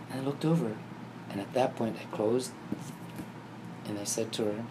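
A man telling a personal story in casual conversation, acting out the quoted dialogue with lively shifts. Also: mid-range voice, normal speed, creaky, long pauses, noisy background. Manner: animated, acts out quoted dialogue. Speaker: guest telling his story.

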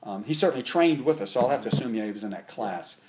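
A man in his fifties, a martial arts instructor, telling stories in a casual interview. He rambles and restarts often, and his voice jumps higher and louder when he gets animated. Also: quick pace. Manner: rambling, with frequent restarts and fillers.

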